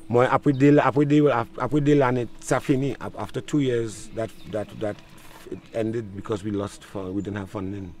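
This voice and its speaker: Interviewed casually outside in a village, an older Trinidadian man speaks at a moderate pace in a lowish, darkish voice with fairly even intonation. He switches back and forth between patois and English and says things more than once.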